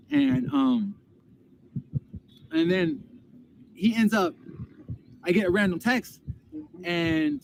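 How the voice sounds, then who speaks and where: A man's voice: extremely high pitch, creaky. A man telling a story casually, heated and profane, often repeating himself. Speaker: storyteller recounting a dispute. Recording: loud background noise.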